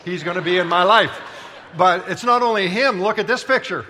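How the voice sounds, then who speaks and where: A man's voice: high-pitched, brisk, bright, forceful tone, a little hiss or hum. A man preaching a sermon as pastor, telling stories in a playful, conversational way and bantering with the congregation. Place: large church auditorium.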